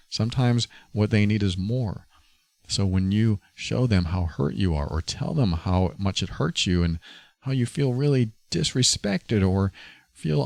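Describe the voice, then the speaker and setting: A man's voice: lowish voice, vocal fry, no echo. A man hosting a podcast, talking earnestly and confessionally about his own experience. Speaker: podcast host. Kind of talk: personal reflective monologue.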